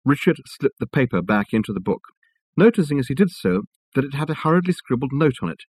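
A man narrating a novel as an audiobook, in a measured, wry storytelling manner on a close mic. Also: mid-range voice, sing-song, a little mellow, slightly rough, no room sound.

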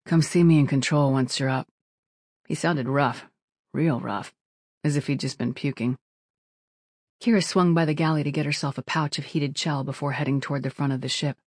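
An audiobook narrator reading in a steady, even manner at a middling pitch. The sound is close and completely dry, with no room around the voice. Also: slightly rough, dry recording. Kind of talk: scripted narration.

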